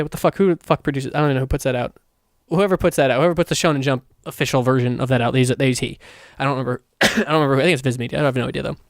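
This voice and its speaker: A man hosting his own podcast, rambling casually and excitedly with plenty of swearing. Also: fairly high pitch, no echo, clean studio sound. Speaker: podcast host.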